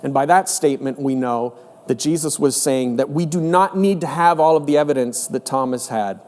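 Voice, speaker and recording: A man's voice: medium pitch, moderate pace, darkish tone. A middle-aged man preaching a sermon as pastor, in an earnest, conversational way with repeated emphasis. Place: church hall. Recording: echoey hall with long reverb.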